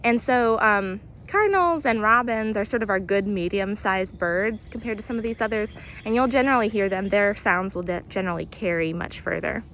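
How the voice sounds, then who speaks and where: A woman guiding an outdoor nature walk, explaining bird sounds in a relaxed way with many pauses and imitating the calls. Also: medium pitch, a little hiss or hum. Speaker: naturalist guide. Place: outdoors near hedges and compost bins.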